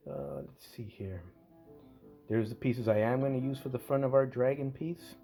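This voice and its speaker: Man, casual workshop narration, rambling, self-correcting, mid pitch, faint guitar music behind. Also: moderate pace, creaky, mellow. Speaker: scale model restorer.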